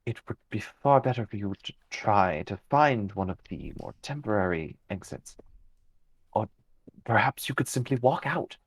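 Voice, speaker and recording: A man voicing a calm, knowing female fey being in a tabletop game, speaking slowly and in a measured way. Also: lowish voice, breathy edge, no room sound.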